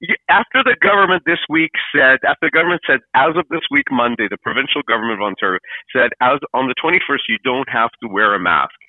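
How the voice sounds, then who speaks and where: A man's voice: medium pitch, very animated, fast talker, few pauses, no echo. Man, podcast co-host, earnest, insistent, rhetorical questions, phone-line sound, dry. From Canada. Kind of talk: casual chat.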